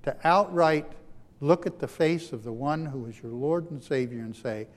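A man preaching a sermon as a pastor, shifting between loud emphatic lines and hushed, quiet ones. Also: fairly high pitch, normal speed. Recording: long hall reverb.

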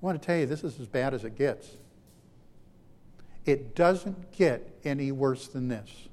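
A man's voice: medium pitch, lively intonation, unhurried. Man preaching a dramatic sermon in a reverberant hall. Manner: dramatic, swings between loud emphasis and hushed lines. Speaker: pastor.

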